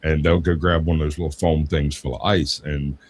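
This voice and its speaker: A man's voice: a bass voice, fairly quick, a little hiss or hum. A man from Georgia with a Southern accent, telling a rambling story in a casual podcast chat. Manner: rambling storyteller, animated when quoting others.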